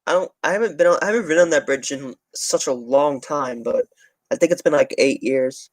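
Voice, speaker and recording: With a fairly high pitch and a brisk delivery, a young man chats casually on his transit channel livestream in a dry recording. He rambles, curses heavily and keeps restarting his thoughts.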